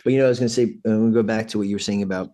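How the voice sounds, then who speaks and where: A middle-aged man from New York City, a punk singer, telling an animated backstage story with swearing and acted-out voices. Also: lowish voice, rapid-fire. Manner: animated anecdotes, acts out quoted voices, swears freely. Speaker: guest, punk band vocalist. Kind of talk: casual storytelling.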